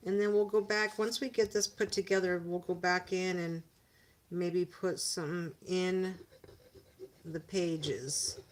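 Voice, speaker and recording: A woman's voice: on the low side, steady tone, slow, slight background noise. A woman hosting a casual livestream, chatting with viewers as she narrates her crafting at home. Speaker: livestream host.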